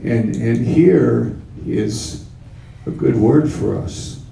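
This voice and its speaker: A man preaching a sermon, slow and emphatic, repeating his key phrases. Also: medium pitch, vocal fry, warm tone, far from the mic, a little hiss or hum. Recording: roomy sound from off-mic.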